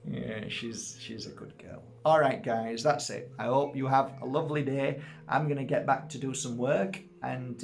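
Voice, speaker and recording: Man, gravelly voice, casual chat to camera, rambling, lots of ums and restarts. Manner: rambling, hesitant, many fillers and restarts; talks in a high sing-song baby voice to his dog. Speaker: spiritual healer and video host.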